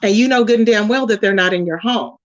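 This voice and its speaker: Woman, commentary host, blunt, scolding, repetitive, slow emphatic drawl, dull lo-fi sound. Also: medium pitch, dry recording. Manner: blunt, scolding, repeats herself. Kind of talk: ranting commentary. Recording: dull lo-fi audio.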